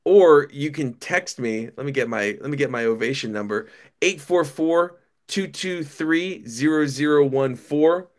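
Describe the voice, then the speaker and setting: A man as a podcast guest, talking casually with animated storytelling and stammered restarts. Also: on the high side, measured pace. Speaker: podcast guest, company founder.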